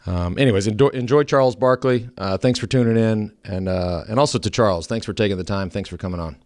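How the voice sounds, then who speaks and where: A man's voice: fairly low pitch, fast. A male podcast host in his forties, chatting casually and telling stories with lots of stammered restarts and self-mocking jokes. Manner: animated, self-mocking storyteller with many restarts. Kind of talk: casual chat.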